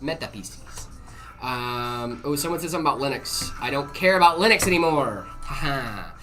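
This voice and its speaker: Relaxed, filler-heavy male stream host. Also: medium pitch, moderate pace. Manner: relaxed, full of "uh" and "um" fillers, jokey. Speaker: stream host answering viewer questions. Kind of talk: casual live-stream chat.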